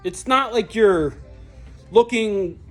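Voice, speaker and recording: A vlogger ranting to camera in a heated, blunt, sweary way, jumping between loud peaks and low grumbles. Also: slow, soft background music. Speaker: truck channel vlogger. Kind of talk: angry profane rant to camera.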